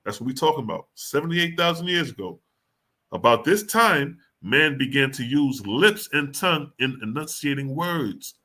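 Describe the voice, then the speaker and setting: A man with a bright, forceful voice that sits a little high for a man. He reads religious passages aloud and then breaks them down in loose, slangy street talk, pressing each point with emphasis. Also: expressive, measured pace. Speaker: scripture teacher. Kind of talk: casual scripture commentary.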